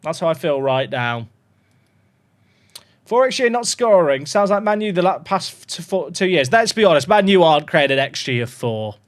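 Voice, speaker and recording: A man streams a football management game with his voice sitting on the high side and swinging widely in pitch at a moderate pace. He swears and talks to his chat in a despairing, dramatic way, giving casual gaming commentary.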